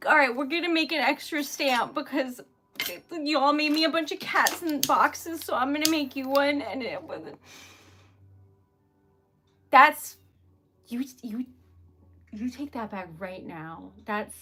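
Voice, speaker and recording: Woman streamer, high and unhurried, giggly and teary with emotion. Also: bright, forceful tone. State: teary and shaky. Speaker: live streamer. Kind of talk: casual live-stream chat while crafting.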